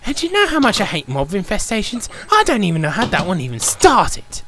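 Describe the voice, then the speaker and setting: A man's voice: high voice, wildly swooping pitch, brisk, bright, forceful tone, slight background noise. A young man commentating his Minecraft game, ranting in an exasperated, repetitive way. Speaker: gaming YouTuber. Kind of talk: Minecraft let's play commentary.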